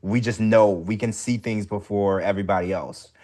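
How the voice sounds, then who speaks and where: Chatty animated man co-hosting a podcast. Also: fairly low pitch, normal speed. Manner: chatty and animated, with big upward swings when excited. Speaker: podcast co-host. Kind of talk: casual podcast recap chat.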